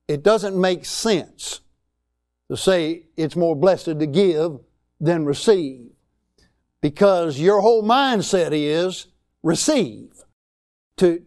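A man's voice: fairly high pitch, darkish tone. A man, preaching a sermon in a folksy, emphatic way with rising exclamations. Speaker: pastor.

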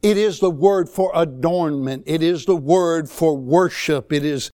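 A man's voice: a little high, unhurried, hardly any pauses, warm tone. A man, preaching a sermon in a folksy, emphatic way with rising exclamations. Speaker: pastor.

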